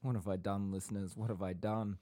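A man with a low, deep voice chats and teases on a podcast, leaning into mock-dramatic asides. He sounds close to the mic in a dry, dead room, a home office setup. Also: little pitch movement, brisk, mellow, no echo. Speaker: podcast co-host. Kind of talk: casual chat. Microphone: podcast microphone.

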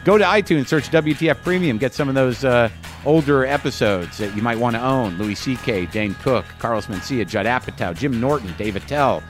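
A man's voice: medium pitch, fairly quick, faint music behind. A man, a podcast host, signing off from a hotel room with chatty, rambling plugs and a self-deprecating tone. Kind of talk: show outro.

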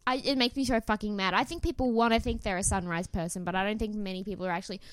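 A woman's voice: medium pitch, fairly even intonation, very fast, clean tone, no room sound. A woman co-hosting a podcast, chatting casually in a giggly, sarcastic way and swearing freely. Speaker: podcast co-host. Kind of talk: casual chat.

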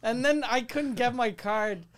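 A man's voice: very high-pitched, measured pace, a bit bright, slight background noise. A man on a podcast telling a short story in casual chat, laughing easily.

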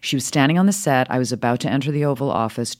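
A middle-aged woman, an actress, telling animated stories in an interview, her voice leaping up with laughter and acted-out lines. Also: quick pace. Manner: lively, swings high with laughter and voices. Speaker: actress guest.

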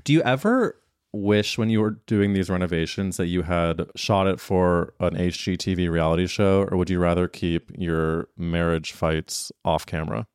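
Campy podcast host, smooth deep voice. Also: male voice, normal speed, a little mellow, dry recording, studio quality. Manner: campy, teasing, playful. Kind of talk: casual chat.

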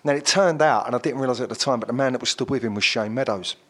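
Man, middle-aged, rapid rambling chat, lots of fillers. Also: medium pitch, a bit bright. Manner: rambling storyteller with many fillers. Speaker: actor guest. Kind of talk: casual chat.

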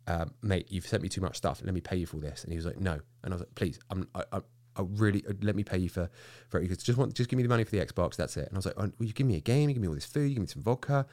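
A man telling a story in casual chat, animated, swearing freely and stammering when excited. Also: sits low, very fast, few pauses, no echo.

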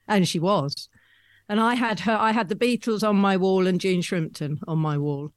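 A woman, a guest telling rambling stories about her past with soft laughs. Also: mid-range voice, normal speed, no room sound. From London, England. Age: 70s. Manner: chatty, rambling storyteller with frequent soft laughs. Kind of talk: conversational anecdotes.

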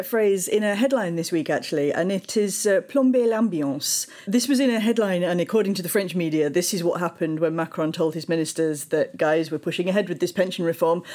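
A woman co-hosting a casual news podcast, explaining in a bright, breezy way. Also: lowish voice. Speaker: podcast co-host.

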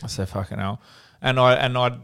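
Swearing freely, a young Australian man who used to play football tells lively stories as a podcast co-host in relaxed conversation. He speaks briskly at medium pitch, with a creaky yet clear and resonant tone.

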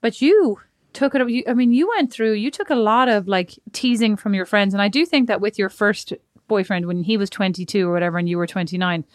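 A woman co-hosting a casual chat, talkative and quick to laugh. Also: medium pitch, no room sound, clean studio sound. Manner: chatty, laughs a lot. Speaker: podcast co-host.

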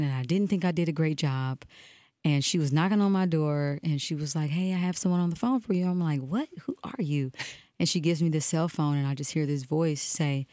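A woman with a notably low voice recounts an anecdote in a casual interview. She acts out each line of dialogue. The sound is dry and close, with no room echo. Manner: animated storyteller who acts out dialogue. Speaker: musician telling a story in an interview.

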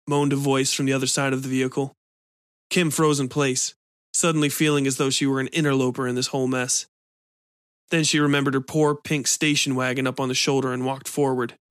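A man narrating a dark short story in a steady, measured reading. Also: medium pitch, dry recording, clean studio sound. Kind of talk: audio fiction reading.

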